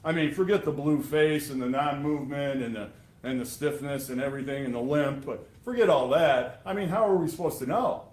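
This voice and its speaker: A man's voice: medium pitch, brisk, darkish tone. Sarcastic man arguing in an echoey courtroom. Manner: emphatic and sarcastic, addressing jurors. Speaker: prosecutor. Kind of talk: courtroom closing argument.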